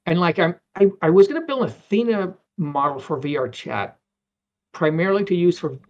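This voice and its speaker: A man's voice: sits high, lively intonation, normal speed, darkish tone, lo-fi sound. A man in his fifties, a guest animator, chatting casually in an interview and rambling with many restarts. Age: 50s.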